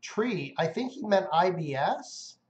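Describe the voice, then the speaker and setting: High-voiced man rambling on a stream. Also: expressive, takes it slowly, a little mellow, roomy sound, a little hiss or hum. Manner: rambling, jokey storytelling with many restarts. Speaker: live stream co-host. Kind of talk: casual live stream chat.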